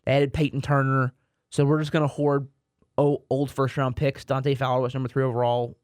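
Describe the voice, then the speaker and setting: A man's voice: medium pitch, flat delivery, a little fast, clean tone, no echo, clean studio sound. A man co-hosting a sports podcast in casual chat, rambling and repeating words, with self-mocking asides. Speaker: podcast co-host.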